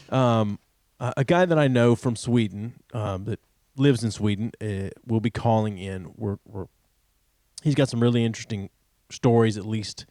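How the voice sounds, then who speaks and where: Laid-back, low-voiced podcast co-host man. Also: normal speed, warm tone, dry recording, studio quality. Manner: laid-back, easily amused, hesitant with many ums. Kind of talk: casual chat.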